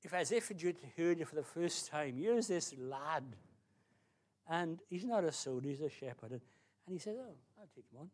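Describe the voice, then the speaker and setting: Animated preacher, man. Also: on the high side, moderate pace. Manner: animated, exclamatory storytelling. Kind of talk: sermon.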